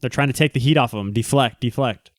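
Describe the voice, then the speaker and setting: A man hosting a live stream, chatting casually and rambling through quick asides to his viewers. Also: mid-range voice, no echo, clean studio sound. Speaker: livestream host. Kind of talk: casual livestream chat.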